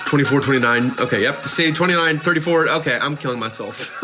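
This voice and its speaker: Speaking quickly at a medium pitch, a man chats casually on his livestream, reading viewers' messages and replying sarcastically with lots of swearing and jokes while music plays clearly in the background.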